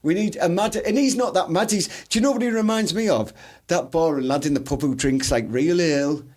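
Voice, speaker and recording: A young man with a high voice chats on a podcast. He rambles bluntly and laughs through his jokes. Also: brisk, a little mellow. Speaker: podcast co-host. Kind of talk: casual banter.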